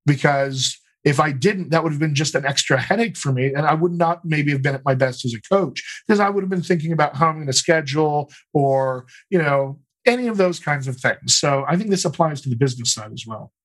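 A man with a General American accent and slight Colorado features, a dialect coach explaining his method in a calm, methodical interview. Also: a little high, fairly quick, hardly any pauses, low-quality recording. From United States. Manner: explanatory, methodical, talks in lists. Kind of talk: conversational interview.

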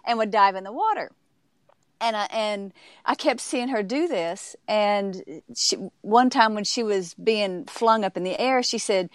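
A woman author and speaker, a guest in an interview, telling stories in a halting way with frequent restarts and fillers. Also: medium pitch, dry recording, clean studio sound. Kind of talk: casual interview storytelling.

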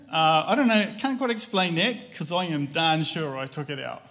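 A man telling a personal story in a casual, animated way, laughing often and acting out voices. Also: on the high side, moderate pace.

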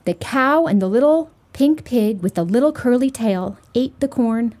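Storytime host: woman, high lively read-aloud voice for little kids. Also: normal speed. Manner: bright, sing-song storyteller voice for small children. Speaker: storytime host reading to children.

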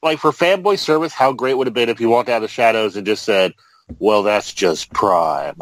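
A male podcast co-host whose pitch swings animatedly as he makes sarcastic, profane jabs. His voice sounds dry and close, with no room around it. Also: animated, fast talker, dry recording, poor audio. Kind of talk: casual chat.

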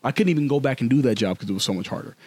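A man's voice: mid-range voice, expressive, rapid-fire, darkish tone, slightly rough, no room sound. A man in his thirties, a podcast co-host, telling candid stories in casual chat full of slang. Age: 30s.

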